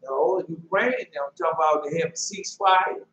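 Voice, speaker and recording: A man's voice: on the high side, brisk, few pauses, fairly bright tone. A man preaching an informal sermon, reading scripture and breaking into loose, conversational asides. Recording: echoey, dull lo-fi room recording with faint hum.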